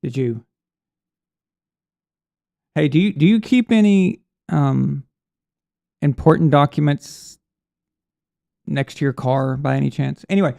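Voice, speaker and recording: A man's voice: fairly high pitch, slow pace, creaky, pauses often, darkish tone. A man hosting a live sports stream in a casual, rambling way, reading out viewer messages. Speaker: sports show host.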